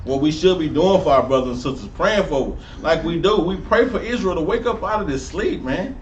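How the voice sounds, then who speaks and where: Male street preacher, high-pitched, caught on a distant mic in a roomy space. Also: brisk, dull audio, slight background noise. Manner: preachy, animated, sidewalk slang, rising to near-shouts. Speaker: street preacher teaching a class. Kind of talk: street Bible teaching.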